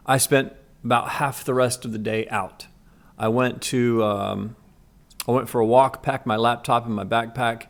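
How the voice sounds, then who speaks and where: Man telling a tense story to camera. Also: mid-range voice. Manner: animated, earnest retelling with restarts. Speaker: vlogger. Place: Los Angeles area.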